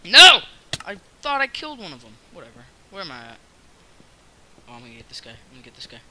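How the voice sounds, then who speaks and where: A young man hosting a casual gameplay video, rambling and excitable, with bursts of shouting at other players. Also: mid-range voice, fast, slight background noise. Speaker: gaming channel host.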